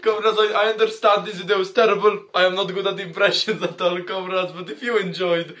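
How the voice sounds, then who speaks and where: A man's voice: high-pitched, fairly even intonation, brisk, a bit bright. A man hosting a casual comedy vlog, giggly and self-mocking as he talks to his viewers. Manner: giggly, self-mocking, often says "comrades". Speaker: channel host.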